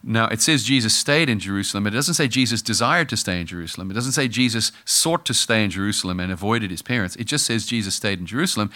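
A man's voice: medium pitch, sharp tone. A man preaching a sermon in a conversational way, acting out the voices he quotes. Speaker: pastor.

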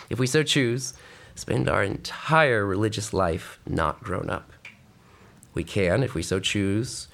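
A man's voice: on the low side, gravelly. A man preaching a sermon who reads scripture aloud and then urges his listeners on. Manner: expressive, reading scripture then exhorting the congregation.

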